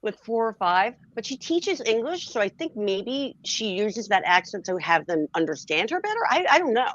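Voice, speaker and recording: A woman's voice: medium pitch, normal speed, muffled recording. A woman from Philadelphia with a faint Philly accent, chatting casually and telling stories with laughs mixed in. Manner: animated storyteller, laughs between lines. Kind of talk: casual chat.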